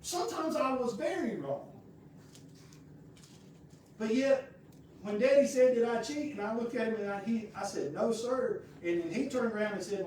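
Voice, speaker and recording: A man's voice: high voice, normal speed, pauses often, darkish tone, far from the mic. A male pastor, telling a personal story in a folksy, rambling, conversational sermon. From United States. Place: church sanctuary. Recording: very echoey room heard from afar.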